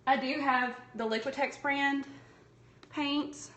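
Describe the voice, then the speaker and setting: A woman from Tennessee with a Southern accent hosts a casual live craft tutorial via a tablet streaming app, chatting with viewers and calling them y'all while she works. Her voice is high and fairly bright, with a steady tone and slow pace.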